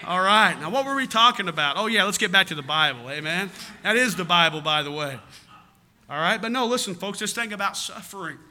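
A man's voice: high voice, expressive, brisk, bright, forceful tone, a little hiss or hum. A man with a Southern American accent preaching a sermon in a folksy, rambling way, often calling out "amen?" to his church. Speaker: pastor.

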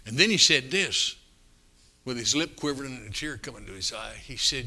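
An older man preaching a sermon, telling stories in a folksy, animated way with sudden loud bursts. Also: medium pitch, brisk. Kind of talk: storytelling sermon.

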